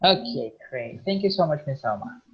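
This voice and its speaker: A man's voice: fairly high pitch, expressive, a bit bright, breathy edge, low-quality recording. Indonesian-accented man teaching English online. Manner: encouraging, patient, repeats words slowly to model pronunciation. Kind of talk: online vocabulary lesson.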